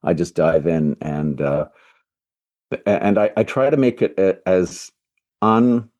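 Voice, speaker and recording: A man's voice: low-pitched, lively intonation, slow, a little mellow. An older man, a voice actor guest, answering interview questions in an earnest, reflective way, often searching for words.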